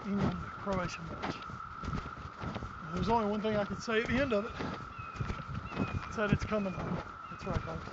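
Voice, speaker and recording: A man co-hosting a sports podcast, out of breath and puffing as he walks uphill outdoors, recorded on a phone. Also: sits high. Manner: talks while walking uphill, puffing. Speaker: podcast co-host. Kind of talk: casual sports talk. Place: outdoors on rural hills. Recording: muffled phone audio with loud outdoor noise.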